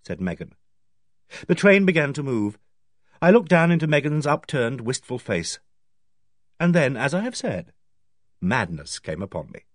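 A man reading an audiobook in the first person, with a measured, wry delivery. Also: mid-range voice, no echo, studio quality. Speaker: audiobook narrator. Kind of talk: audiobook narration.

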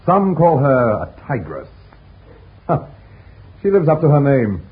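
An actor playing a cheerful, courteous young Corsican son with an eager, laughing manner in a vintage radio drama. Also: male voice, medium pitch, big pitch swings, slow pace. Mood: jovial. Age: young adult. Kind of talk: 1940s radio acting. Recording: tinny old radio broadcast.

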